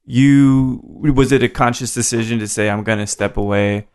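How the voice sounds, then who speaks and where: A man's voice: medium pitch, steady tone, normal speed, darkish tone, smooth. An American man hosting a podcast, interviewing guests in an easygoing, affirming way. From United States. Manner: easygoing, affirming, asks long questions. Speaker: podcast host. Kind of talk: casual interview.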